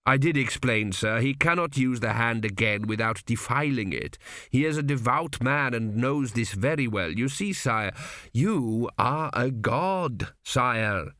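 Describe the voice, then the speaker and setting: A man voicing a smooth, impassive high priest with an oily, unctuous manner. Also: lively intonation, fairly bright tone, dry recording, clean studio sound. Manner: oily, unctuous, low and slow.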